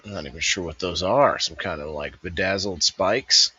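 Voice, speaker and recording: A man's voice: low voice, moderate pace, bright, forceful tone, breathy edge, dry recording, highs cut off. A man hosting a casual review, thinking aloud in a rambling voice-over. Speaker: host reviewing a vendor fair.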